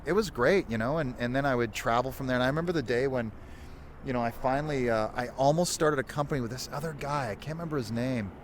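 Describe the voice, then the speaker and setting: A man's voice: medium pitch, quick pace, a little hiss or hum. A man in his fifties, a podcast guest telling loose, rambling stories and correcting himself as he goes. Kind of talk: casual storytelling chat.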